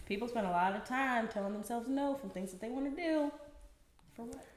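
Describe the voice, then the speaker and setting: Woman, quick, a bit high, defiant, breezy. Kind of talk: casual group chat.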